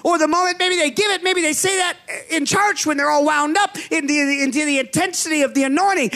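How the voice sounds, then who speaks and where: A man preaching a charismatic sermon as pastor, fervent, with shouted declarations and drawn-out emphasis. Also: very high-pitched. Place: church sanctuary.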